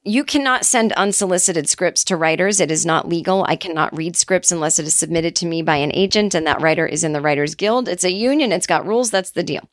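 A middle-aged woman hosting a comedy podcast, telling an absurd story in a casual, deadpan way with quick asides. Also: on the low side, no room sound, clean studio sound.

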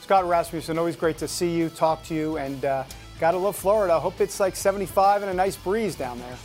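A woman's voice: lowish voice, fairly quick, a little mellow, soft background music. A woman hosting a talk radio show, reading headlines aloud with mocking sarcasm.

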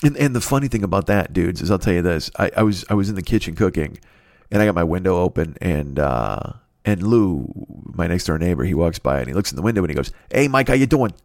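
A man hosting a podcast, telling a rambling, profane story in a casual, animated way. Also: sits low, quick pace, gravelly, dry recording, studio quality. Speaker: podcast host.

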